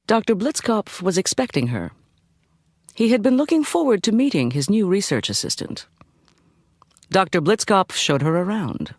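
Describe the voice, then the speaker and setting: Man calmly narrating a story. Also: high-pitched, moderate pace, dry recording, studio quality. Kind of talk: scripted narration.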